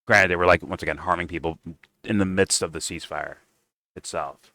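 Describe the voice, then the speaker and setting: A man's voice: low-pitched, steady tone, fairly quick, sharp tone, no room sound, rough recording. A man giving heated, profane commentary while reacting to political clips.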